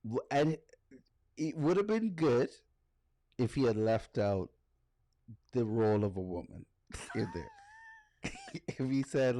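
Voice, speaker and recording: Middle-aged male podcast co-host, casual and laughing, unhurried with a very animated voice. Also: mid-range voice, no room sound. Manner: laughs often, lively delivery. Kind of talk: casual chat.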